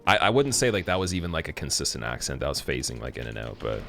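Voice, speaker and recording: Canadian streamer, very low gravelly voice, rambling casual talk over faint music. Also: male voice, big pitch swings, fast talker. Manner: rambling, many fillers and restarts. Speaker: livestreamer. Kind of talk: casual chat while live-streaming a game.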